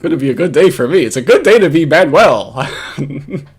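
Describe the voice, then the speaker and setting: A man talking over a video in casual commentary, ranting and swearing in disbelief. His voice sits a bit high for a man, and he keeps restarting his sentences as he gets worked up. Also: animated, moderate pace, slightly rough. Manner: exasperated, profane ranting with frequent restarts. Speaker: commentary host.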